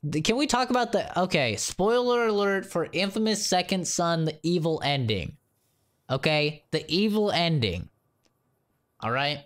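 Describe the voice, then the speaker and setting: Male streamer, casual chat, lively swooping pitch, profane, laughs a lot. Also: unhurried. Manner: animated, profane, laughing rants.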